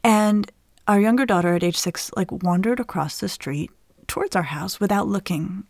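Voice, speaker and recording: Mid-age woman explaining kids stuff, lively and laughy, dry close sound. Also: mid-range voice, normal speed, no echo. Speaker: parenting expert guest. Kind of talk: conversational explanation with anecdotes.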